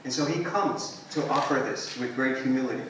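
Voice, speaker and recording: A man giving an animated storytelling talk at a symposium, voicing quotes and dropping to soft tones. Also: medium pitch, fairly quick, far from the mic, background noise. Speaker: invited speaker. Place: symposium hall. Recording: echoey hall, picked up from afar.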